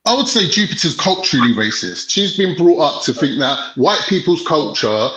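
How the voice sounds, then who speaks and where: A man's voice: a little high, sing-song, normal speed, a bit bright, a little hiss or hum. A man in an online debate who makes emphatic, assertive points. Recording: roomy, dull lo-fi mic.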